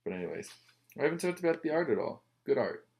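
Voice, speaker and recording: A man's voice: on the high side, sing-song, quick pace, vocal fry, darkish tone. A man reviewing comic books in casual chat, rambling with wry, joking asides.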